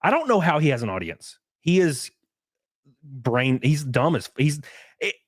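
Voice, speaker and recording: Young podcast guy ranting, voice jumps all over, a bit high, dry close mic. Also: a little slow, slightly rough, dry recording. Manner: animated, ranting, mocking voices. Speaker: podcast host. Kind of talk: casual opinionated chat.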